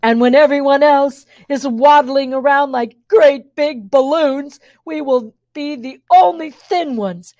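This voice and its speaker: A woman's voice: high-pitched, slow pace, few pauses, a little mellow, no echo, highs cut off, voice pushed up. A woman voicing a pair of vain, scheming twin sisters who used to be models, in a storybook read-aloud, ranting haughtily in unison. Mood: haughty rant.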